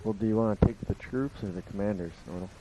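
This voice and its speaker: Mellow-voiced male player. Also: on the low side, quick pace, slight background noise, rough recording. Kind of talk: casual table talk.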